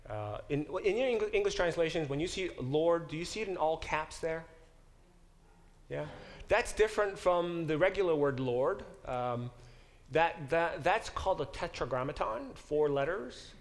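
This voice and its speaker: A man of medium pitch leads a classroom Bible lesson, talking plainly to his students. He often stops to question the class and corrects himself mid-sentence. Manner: engaged, questions the class directly. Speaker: Bible professor teaching a class.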